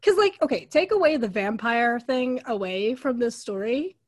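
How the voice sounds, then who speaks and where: Young woman w a highish voice retelling movie scenes, chatty and critical. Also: animated, normal speed. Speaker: podcast co-host. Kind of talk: casual movie recap chat.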